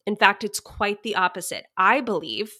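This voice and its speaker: Young woman, podcast host, money coach, chatty, upbeat, mid-pitched voice. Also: lively intonation, normal speed, bright, forceful tone. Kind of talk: solo podcast monologue.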